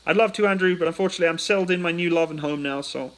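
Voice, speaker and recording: A man's voice: fairly high pitch, very fast, rough recording. A British man hosting a casual livestream. He reads out viewer questions and answers them in a chatty way, into a phone. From United Kingdom. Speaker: livestream host.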